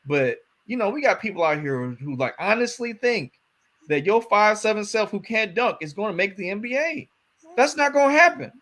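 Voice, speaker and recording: A man's voice: sits high, lively intonation, moderate pace, fairly bright tone. A man co-hosting a casual podcast chat, laid-back and chuckling as he talks. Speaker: podcast co-host.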